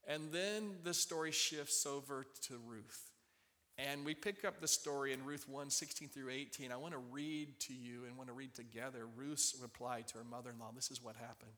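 A man's voice: medium pitch, steady tone, normal speed, bright, forceful tone. A man preaching a sermon, retelling a Bible story and turning to the congregation to ask them to join in. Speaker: pastor. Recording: long hall reverb.

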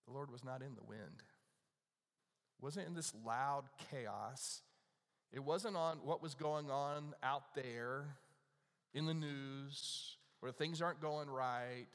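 Preaching man in a reverberant hall. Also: mid-range voice. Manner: shifts between hushed intimate delivery and loud emphatic preaching. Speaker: pastor. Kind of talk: sermon.

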